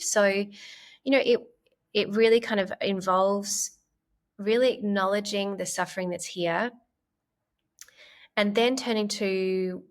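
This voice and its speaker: A woman clinical psychologist, a podcast guest, explaining ideas gently and in a measured way, with frequent "like" fillers. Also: medium pitch. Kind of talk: conversational podcast interview.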